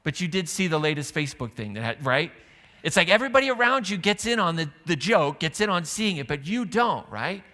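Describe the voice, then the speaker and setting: A pastor with a bright male voice, on the high side, delivers a brisk sermon in a church sanctuary. He tells stories in an animated, conversational way with asides to the congregation, and the hall adds long reverb.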